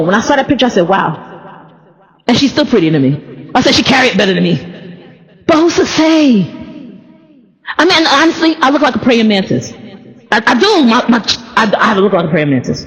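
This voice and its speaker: A woman preaching a sermon and telling a personal story, animated and laughing often as she speaks. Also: a little high, long reverb tail, low-quality recording. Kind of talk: sermon testimony.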